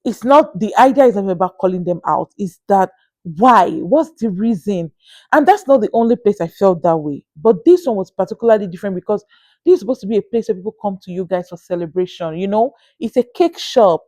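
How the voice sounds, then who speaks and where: A young Nigerian woman with a Nigerian accent, telling a story to camera in a casual, animated and exasperated way, with sighing asides. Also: medium pitch, a little fast, no room sound. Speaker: vlogger.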